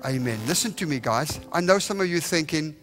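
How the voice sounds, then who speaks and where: Young male evangelist, bright ringing voice, animated storyteller, soft music under him. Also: fairly high pitch, a little fast. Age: young adult. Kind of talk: revival sermon. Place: church sanctuary.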